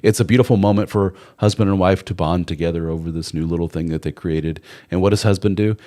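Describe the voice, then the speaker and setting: Deep-voiced man hosting a blunt advice stream. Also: steady tone, fast, hardly any pauses, mellow. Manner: candid and blunt, with casual swearing; acts out quoted people in mock voices. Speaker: host of a live relationship advice stream. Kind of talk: casual live-stream advice talk.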